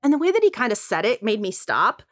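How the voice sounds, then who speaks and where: A woman co-hosting a podcast, telling a story in casual chat with lots of "like", sighs and lively asides. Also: fairly high pitch, fast, dry recording, clean studio sound. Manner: animated, full of "like" and sighs, acts out quotes.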